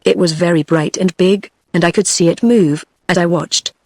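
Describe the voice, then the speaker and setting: A woman's voice: on the low side, steady tone, moderate pace, a little mellow, no echo, clean studio sound. A synthetic woman's voice with a British English accent reading an audiobook. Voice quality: synthetic, evenly paced machine voice. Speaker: audiobook narrator. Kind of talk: text-to-speech book reading.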